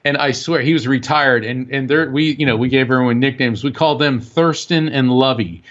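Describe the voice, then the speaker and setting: A man is being interviewed as a guest and spins an animated story, full of fillers and restarts. His voice sits at an ordinary middle pitch. The audio is dull and lo-fi, like a radio recording. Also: a little fast. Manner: animated anecdote telling with many fillers. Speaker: guest author.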